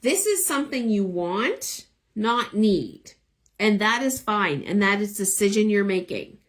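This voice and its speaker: Speaking at a medium pitch, very animated yet unhurried, a young woman gives chatty, encouraging live tarot readings. She's losing her voice and talks into a phone held above eye level.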